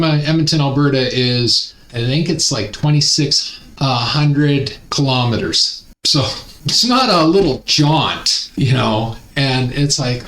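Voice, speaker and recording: A Canadian man tells a personal story in a chatty, animated way, tossing in exasperated asides. His voice sits a bit high. It rings in an echoey room. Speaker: host. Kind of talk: casual storytelling commentary.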